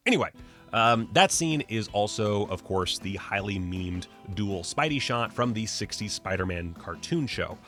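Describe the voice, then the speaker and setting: A man's voice: deep voice, animated, normal speed, a bit bright. Chatty, joking man over faint music. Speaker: film video host. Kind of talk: casual pop-culture video commentary.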